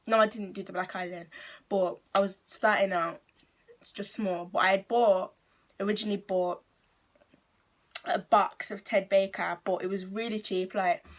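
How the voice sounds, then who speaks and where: A teenage girl with an English accent telling a casual storytime on her channel, rambling and full of fillers. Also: mid-range voice. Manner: chatty, rambling, full of "like" and restarts. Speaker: vlogger.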